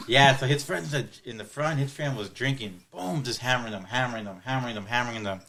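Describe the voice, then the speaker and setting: A man's voice: mid-range voice, a little fast, vocal fry, a crowd in the background. A man telling long personal stories in casual podcast chat, often restarting and repeating words. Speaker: podcast co-host.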